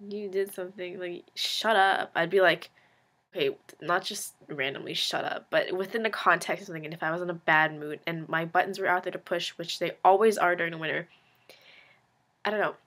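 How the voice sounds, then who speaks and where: A young woman in her late teens vlogs casually to camera in a confessional monologue, her lowish voice brisk and fairly bright. She rambles and puts herself down, peppering her talk with "like" and dropping frank, sarcastic asides.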